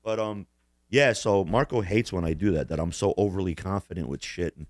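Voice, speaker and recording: A man's voice: deep voice, fairly quick, no room sound, clean studio sound. Profane, laughing podcast co-host man. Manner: profane, boastful, laughs often. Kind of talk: casual chat.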